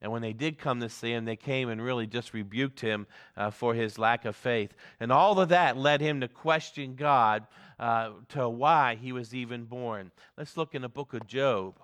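A man's voice: medium pitch, moderate pace, hardly any pauses, a bit bright, smooth. A man preaching a sermon and leading a group Bible reading, earnest and given to repeating words for emphasis. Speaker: pastor.

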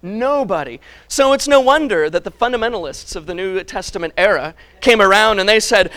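A man's voice: high-pitched, animated, fairly quick, few pauses, pushed and bright. A male preacher giving a sermon in an emphatic, conversational way, stacking words for emphasis and chuckling at himself.

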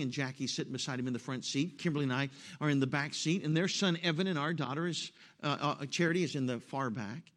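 A man preaching an emphatic sermon, telling a story along the way and rising to loud peaks. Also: mid-range voice. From West Virginia.

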